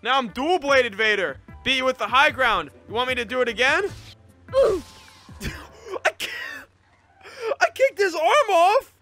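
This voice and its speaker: A man commentating his gameplay, laughing often and breaking into excited high outbursts. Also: takes it slowly, long pauses, faint music behind. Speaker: gaming YouTuber.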